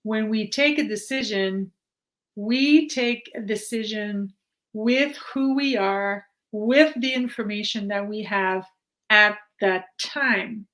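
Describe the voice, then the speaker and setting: A middle-aged woman, a mindset coach, talking reflectively as a podcast guest, animated at times, with frequent restarts. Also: mid-range voice, slow pace, low-quality recording. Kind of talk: casual conversation.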